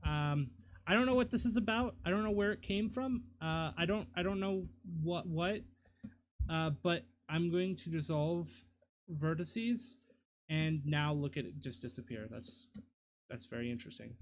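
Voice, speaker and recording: A man's voice: a little high, moderate pace. A man streaming live, casually muttering to himself and apologizing, self-deprecating as he works on a 3D model.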